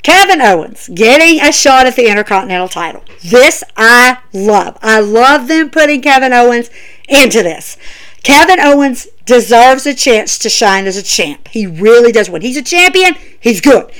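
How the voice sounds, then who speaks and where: A woman's voice: on the high side, lively intonation, moderate pace, fairly bright tone. A woman giving an emphatic, chatty wrestling show review, talking straight to her viewers. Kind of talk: casual opinion vlog.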